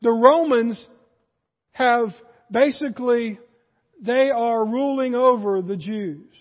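A man with a very high voice preaching a sermon, pushing his lines up with force and then sinking low to make a point. The sound is dull and carries a long church reverb. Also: slow. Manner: animated preaching, rising in force and dropping low for emphasis. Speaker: pastor.

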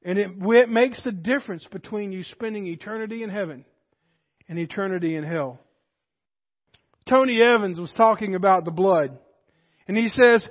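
High-voiced pastor preaching with fervor. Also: male voice, normal speed, long pauses. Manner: swings between shouted exhortation and hushed intensity. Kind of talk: impassioned sermon. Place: church sanctuary. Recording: dull recording with long reverb in a church hall.

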